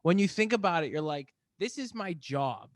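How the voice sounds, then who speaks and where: A man with a fairly high voice hosts a podcast in a casual, emphatic way. His sound is dry and close, with no room echo. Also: lively intonation, moderate pace. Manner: agreeable, emphatic, says "dude" a lot. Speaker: podcast host. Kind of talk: casual conversation.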